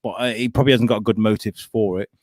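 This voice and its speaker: A man's voice: fairly low pitch, steady tone, fast, a little mellow, no echo, studio quality. A young man hosting a comedy podcast, bantering casually, swearing freely and laughing often.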